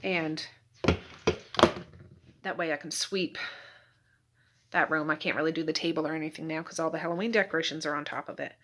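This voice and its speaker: A woman with a slightly low voice talks easily to the camera from her home. She narrates her housework in a chatty, running commentary, as if talking to herself. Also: steady tone, brisk, pauses often, heavy background noise. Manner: chatty, talking to herself while doing chores. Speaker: vlogger. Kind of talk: casual vlog narration. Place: at home indoors.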